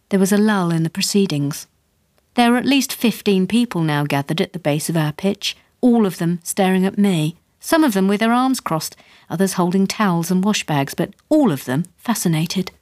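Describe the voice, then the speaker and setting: A woman's voice: mid-range voice, animated, normal speed, darkish tone, no echo, clean studio sound. A woman narrating a memoir audiobook with wry, comic storytelling.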